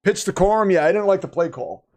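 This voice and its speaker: A man hosting a live watch party, reacting excitedly to the game and reading viewer comments aloud, his voice getting worn. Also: high-pitched, fast. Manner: animated, exclaiming, reads chat aloud. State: losing his voice. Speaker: livestream host.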